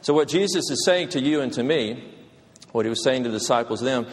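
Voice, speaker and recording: Emphatic preacher in a reverberant hall. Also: male voice, medium pitch, expressive. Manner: emphatic, slows down to stress key phrases. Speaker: pastor. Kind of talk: sermon.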